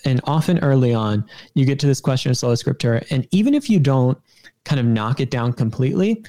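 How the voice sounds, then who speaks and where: A man's voice: mid-range voice, lively intonation, brisk, warm tone. A man who is a podcast guest, laying out his reasoning carefully in a casual conversation. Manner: thoughtful, reasoned explanations with "kind of" hedges.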